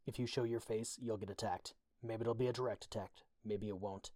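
A man's voice: on the low side, fairly even intonation, brisk, warm tone, no room sound, close to an everyday voice. Skitter, a man reading a cold menacing young woman. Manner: curt, level, menacing.

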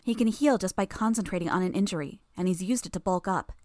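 A woman voicing a sharp-tongued, smug teenage girl villain who rattles off quick explanations in a storybook reading. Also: mid-range voice, dry recording, studio quality, close to an everyday voice. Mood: knowing, urgent.

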